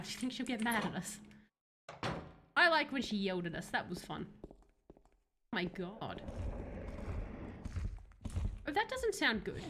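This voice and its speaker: A woman giving animated, laughing commentary while streaming a horror game. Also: mid-range voice, unhurried, long pauses, noisy background. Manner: animated, laughs often, yelps and shrieks at scares. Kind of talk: casual gameplay commentary.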